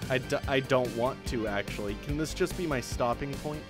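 A man's voice: medium pitch, normal speed. A man in let's play commentary, reacting to a hard climbing game with anxious exclamations, pleading and cursing at the game. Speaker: gaming video creator. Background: game music.

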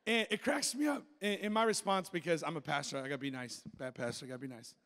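Man, middle-aged pastor, high voice, animated joking sermon, long church reverb. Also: fast. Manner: animated, joking, conversational preaching. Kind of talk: sermon with personal storytelling. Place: church sanctuary. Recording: long reverb of a large hall.

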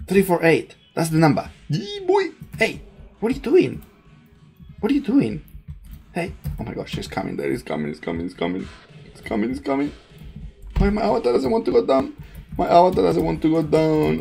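Excitable, gravelly gamer voice. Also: mid-range voice. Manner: excitable, panicky, laughs often. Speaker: gaming channel host. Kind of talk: gameplay commentary.

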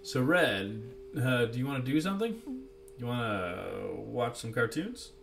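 A man's voice: medium pitch, animated, a little slow, gravelly, fairly bright tone, far from the mic, slight background noise. A man voicing an eager, friendly young cube hero in game dialogue read aloud, in a chipper, reassuring tone. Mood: cheerful.

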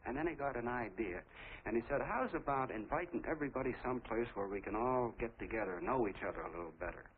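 An actor playing an eager, talkative small-town soda jerk with an American accent, telling a long rambling story in a folksy way. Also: male voice, medium pitch, expressive, fast talker, lightly acted. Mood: chatty. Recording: tinny lo-fi 1940s film soundtrack with faint hiss.

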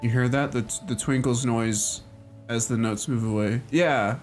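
A man casually chatting and rambling as he streams a game, full of fillers and quick laughs. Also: medium pitch, fairly even intonation, a little mellow. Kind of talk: casual gaming commentary. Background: game music.

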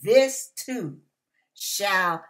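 A woman's voice: medium pitch, expressive, drawn-out words, fairly bright tone. A woman giving an emotional devotional sermon, fervent and emphatic, at times tearful. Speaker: devotional speaker.

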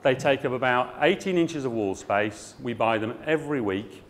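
A man's voice: mid-range voice, expressive, normal speed, a little hiss or hum. A middle-aged man addresses a room of suppliers. His delivery is plain-spoken and chatty. He keeps the talk moving with dry, jokey asides. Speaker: garden centre owner speaking at a trade show. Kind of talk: trade show talk to an audience.

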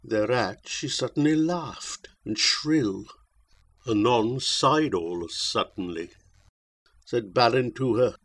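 A man reading a narrative poem aloud as an audiobook narrator, slow and measured. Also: mid-range voice, fairly bright tone. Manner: slow, measured, dramatic recitation.

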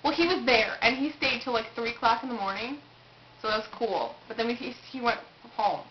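A woman's voice: on the high side, fairly quick. A young woman chatting bluntly and telling a story, cutting in and swearing casually. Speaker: vlog co-host. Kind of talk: casual chat. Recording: dull home video recording with faint hiss.

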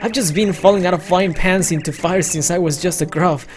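A let's player voicing a small, bad-tempered creature with a gruff, folksy way of talking. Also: medium pitch, a little fast, lightly acted. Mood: grumbling. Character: small grumpy creature, ornery and combative.

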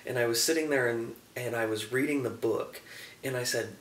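A young man casually reviewing a TV episode, enthusiastic and acting out scenes in quick voices. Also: medium pitch, a bit bright, distant mic. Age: young adult. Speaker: show reviewer. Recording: echoey room, a bit off-mic, faint hiss.

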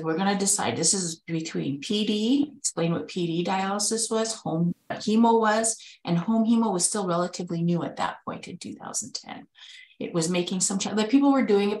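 A woman's voice: fairly low pitch, roomy sound, low-quality recording. A woman telling a candid personal story in a conversational way, acting out the dialogue she quotes. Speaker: spouse of a kidney patient, webinar speaker.

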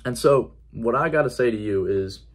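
A man's voice: mid-range voice, normal speed. Earnest man sharing personal testimony. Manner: earnest, conversational, with emphatic repetition. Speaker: faith vlogger.

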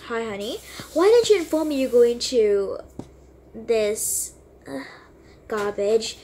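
A haughty rich mother who sneers at everything around her and orders her daughter home, as a woman puts her on. The voice sits high and the delivery is slow and deliberate, every word drawn out with disdain. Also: animated, mellow, a little hiss or hum. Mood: scornful. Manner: haughty, looks down on others. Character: snobby rich mother, scornful and bossy.

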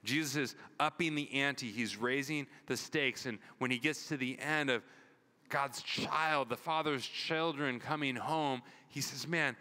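A man's voice: medium pitch, unhurried, pushed and bright. A man preaching a sermon as pastor, telling stories with acted-out dialogue and asking the congregation "right?". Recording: long hall reverb.

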